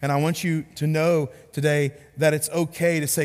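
A man preaching a sermon as a pastor, earnest and repeating words for emphasis, sometimes dropping low and quiet to stress a point. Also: level tone, moderate pace, few pauses. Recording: long reverb of a large hall.

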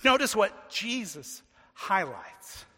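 A man preaching a sermon in earnest, often repeating words and slowing down to stress a point. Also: high voice, sing-song, bright, forceful tone, breathy edge, big-room sound. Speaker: pastor.

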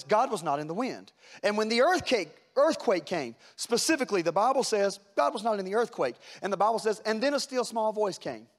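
High-voiced preacher swinging hushed to urgent. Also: male voice. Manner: dramatic preaching, swinging from hushed lows to loud urgent peaks; retells scripture scenes with voiced characters. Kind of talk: sermon.

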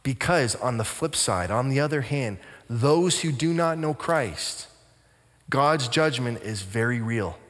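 A man from Canada, a pastor, preaching a sermon with animated storytelling that drops to soft, intense tones. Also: medium pitch, unhurried. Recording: long church reverb.

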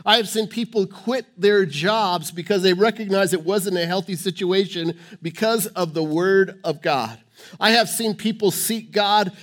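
A man's voice: sits high, fairly bright tone. A pastor preaching a sermon in church, emphatic and repetitive, often restarting his sentences.

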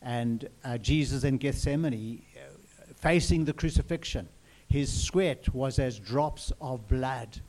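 A man's voice: mid-range voice, slow, a little mellow. A man preaching a sermon in an earnest way, repeating phrases and asking the listeners questions.

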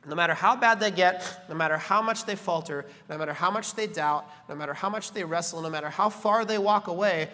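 A man preaching a sermon as a pastor, animated, building to emphatic peaks and slipping in joking asides. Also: high voice, a little fast. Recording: reverberant church hall.

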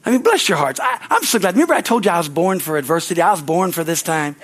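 A man's voice: sits high, lively intonation, fast. A man preaching as pastor, rambling and repeating words, often calling out amen. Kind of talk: sermon.

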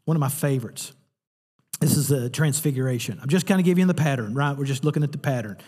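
A man preaching a sermon as pastor, telling a story with animated, lively delivery. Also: medium pitch, fast talker, husky, long reverb tail.

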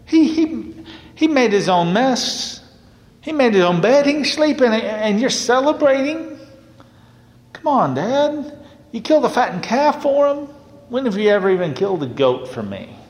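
A man's voice: extremely high pitch, big pitch swings, normal speed, voice pushed up. A man voicing a resentful older brother who complains indignantly in a raised voice. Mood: bitter, indignant. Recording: long hall reverb.

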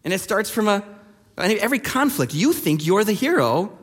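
A male pastor preaching a sermon in a relaxed, conversational way, telling stories with many fillers. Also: sits high, brisk, long reverb tail.

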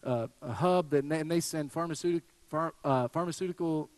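A pastor with a high voice preaches in a conversational way, telling lively stories and often restarting his sentences. His voice sounds close and dry, and a long hall reverb trails behind it. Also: brisk. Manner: conversational, animated storytelling with frequent restarts. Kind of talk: sermon.

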